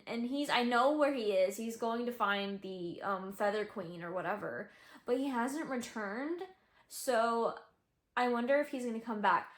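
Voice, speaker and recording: A woman talking casually in a reading vlog, chatty and excitable, with many fillers and restarts. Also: on the high side. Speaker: book vlogger. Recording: roomy echo with faint music.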